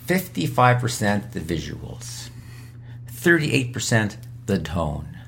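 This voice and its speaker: A man's voice: lowish voice, very animated, slow pace, vocal fry, a bit bright, a little hiss or hum. A man, a physician, giving emphatic, repetitive coaching advice as an interview guest. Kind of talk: instructional interview answers.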